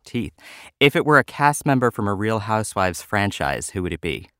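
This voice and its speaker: A man interviewing an actress, playful and laughing along as he asks quick game questions. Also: on the low side, sing-song, a bit bright, smooth, no room sound, clean studio sound. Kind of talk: casual interview.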